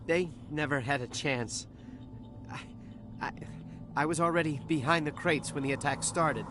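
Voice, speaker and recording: Brief: man voicing a jittery dock worker, a little high-voiced, stammers, defensive, game audio with steady noise underneath. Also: normal speed, lightly acted. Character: nervous, shaken male dock worker, adult. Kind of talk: video game voice acting.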